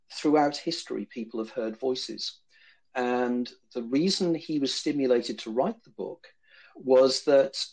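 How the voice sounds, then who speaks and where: Male guest speaker, mid-pitched, discursive, lecture-style answers to a live room. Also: darkish tone. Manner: discursive, repeats words when thinking.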